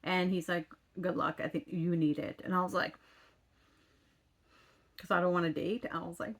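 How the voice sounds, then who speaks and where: A woman's voice: lowish voice, steady tone, normal speed, creaky, long pauses, fairly bright tone. A woman in her thirties telling a story in casual chat as a vlogger, exasperated, swearing casually and full of fillers. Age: 30s.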